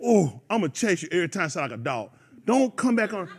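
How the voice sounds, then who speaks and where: A man hosting a radio show, ranting in an animated, rambling casual chat. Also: high voice, quick pace.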